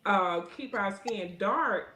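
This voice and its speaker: A middle-aged woman, talking in a casual interview and filling her speech with "you know", getting lively when she tells stories. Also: mid-range voice, slow, roomy sound, noisy background. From Alabama. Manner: rambling, frequent "you know" fillers; animated when telling stories. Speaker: guest.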